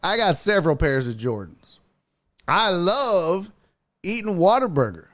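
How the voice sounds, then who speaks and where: A man's voice: high voice, measured pace, no echo. A man hosting a casual live-streamed sports show, ranting and cursing freely. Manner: profane, ranting, animated.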